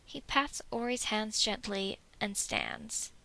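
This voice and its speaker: A woman reading a fan fiction story aloud in a soft narration that drops at times to a half-whisper. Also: medium pitch, huge pitch swings, slow pace, creaky, low-quality recording.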